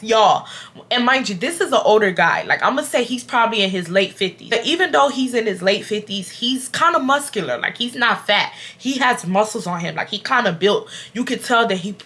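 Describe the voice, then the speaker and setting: A woman in her twenties from Houston, Texas, telling a storytime to her viewers in an animated, casual way and acting out loud quotes. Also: mid-range voice, a little fast. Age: 20s. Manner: addresses viewers as y'all. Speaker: storytime vlogger.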